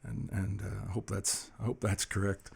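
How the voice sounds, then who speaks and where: A man's voice: fairly low pitch, flat delivery, normal speed, vocal fry, slight background noise. A middle-aged Canadian man hosting a song-request show, chatting casually and telling rambling, folksy stories with lots of fillers. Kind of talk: casual chat between songs.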